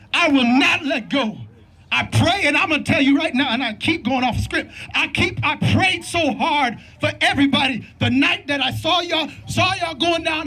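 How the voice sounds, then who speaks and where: High, bright-voiced man giving a rally speech. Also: husky. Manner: fervent, repetitive, preacher-like cadence. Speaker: protest speaker. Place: outdoor street protest. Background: faint crowd.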